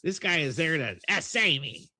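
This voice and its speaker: A man's voice: fairly high pitch, expressive, normal speed, sharp tone, no room sound. A man streaming and reacting to a clip with sarcastic, mocking commentary. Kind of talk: casual chat.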